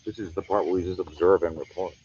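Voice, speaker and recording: A man's voice: deep voice, steady tone, quick pace, a little mellow, husky, dull audio. A man hosting a nighttime outdoor livestream, chatting to viewers in a rambling, laid-back way as he walks around a wooded camp. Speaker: paranormal livestream host. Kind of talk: casual outdoor livestream chat. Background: crickets.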